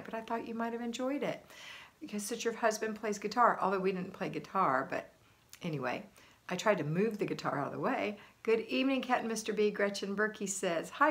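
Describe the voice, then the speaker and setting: Her voice is mid-range with a fairly bright tone. This middle-aged homemaking host runs a relaxed livestream, reading comments out loud and saying hello to viewers by name in an upbeat way.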